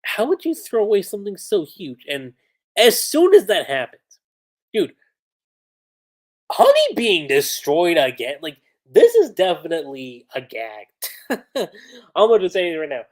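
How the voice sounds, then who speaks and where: A livestream host recapping manga chapters in a casual, excited way, chatty with frequent laughs and lots of "like" fillers. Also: mid-range voice, unhurried, pauses often.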